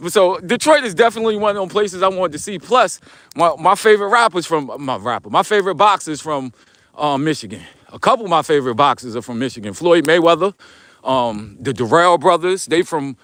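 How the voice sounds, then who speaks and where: On a snowy street, a New York-accented vlogger walks and livestreams casually, voicing viewers' comments in loose slang. He speaks briskly and animatedly at a fairly high pitch, a bit bright, with no echo.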